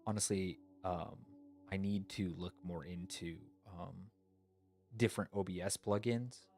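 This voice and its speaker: Low-voiced man streamer chatting casually. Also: measured pace, faint music behind. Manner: rambling, relaxed, thinks aloud with fillers. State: yawning, sleepy. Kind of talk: casual chat.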